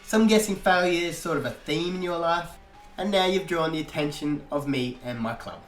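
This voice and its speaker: Reading a character for an audiobook, a man with a slightly high voice, pushed up yet close to his everyday one, plays a cocky, sarcastic biker who hunts vampires. He mocks and taunts at a normal speed. The room is echoey, with faint guitar music behind him.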